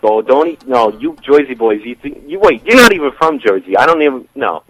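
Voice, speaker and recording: A man, calling in to a radio show and arguing with the hosts, hesitant at first and quickly indignant. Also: medium pitch, very animated, a bit bright, rough recording. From New York. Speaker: caller. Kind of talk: casual radio banter.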